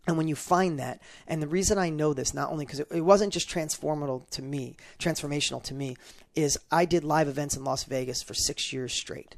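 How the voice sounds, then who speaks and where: A middle-aged man talks fast, in a gravelly voice pitched a little high. He tells an emotional personal story as a show guest and stumbles over repeated words. The sound is dry and close, with no room echo. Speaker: podcast guest, entrepreneur.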